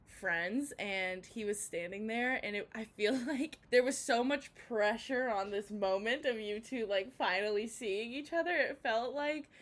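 A woman's voice: on the high side, unhurried, few pauses. Chatty young woman full of slang. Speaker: podcast co-host. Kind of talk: casual storytelling chat.

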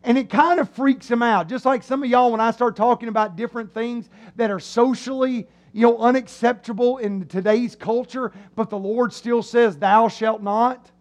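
A man preaching a sermon in a church, animated and acting out the voices of his listeners. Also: very high-pitched, moderate pace, hardly any pauses. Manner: animated, acts out voices of the crowd. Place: church sanctuary.

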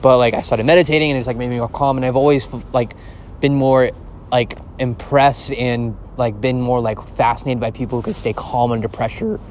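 A man hosting a casual solo podcast, rambling and excitable, swearing often and filling his talk with filler words. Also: mid-range voice, fairly quick, a little hiss or hum. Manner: rambling and profane, heavy use of filler words; excitable, gushing. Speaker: podcast host.

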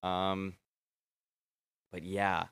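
Low-voiced young man rambling excitedly. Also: very slow, smooth, no echo. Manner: excitable, swears freely, trails off and restarts. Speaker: vlogger. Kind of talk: casual rambling chat. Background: faint film score playing.

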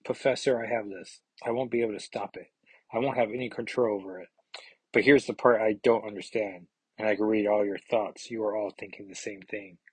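A man voicing a defiant young psychic woman on trial, husky read-aloud comic voice. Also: fairly low pitch, fairly even intonation, brisk, a little mellow, dry recording, low-quality recording. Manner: plain read-aloud delivery.

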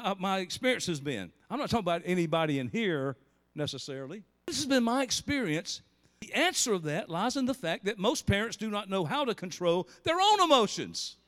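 A middle-aged man preaching a sermon, telling stories with big swings between loud and soft. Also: long reverb tail. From Southern US. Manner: storytelling preacher with big swings in pitch and volume. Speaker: pastor.

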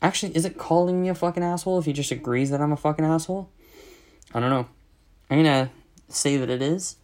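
A man's voice: fairly high pitch, fast, darkish tone. A man ranting casually, exasperated and sarcastic, swearing heavily as he tells a complaint. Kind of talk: casual profane rant.

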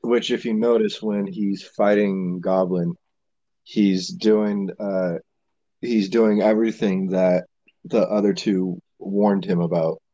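A man co-hosting a podcast, explaining his view of a film in a halting, thoughtful casual way. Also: low voice, steady tone, dark tone, no echo, muffled recording. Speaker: podcast co-host. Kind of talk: casual movie discussion.

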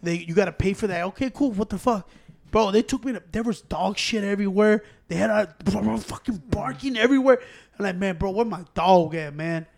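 A man telling a story in casual chat, profane and animated, with slangy asides. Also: high-pitched, fairly quick, gravelly.

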